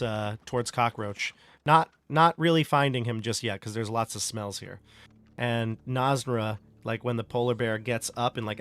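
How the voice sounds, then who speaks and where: A man's voice: mid-range voice, a bit bright. Rambling male game master. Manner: loose, rambling narration full of "like" and "you know". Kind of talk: narrating a tabletop game.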